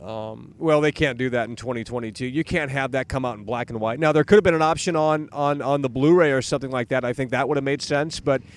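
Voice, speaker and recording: A young adult man hosting a live stream, talking casually about horror films in an animated, profane way with lots of fillers and repeats. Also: medium pitch, fast talker, few pauses.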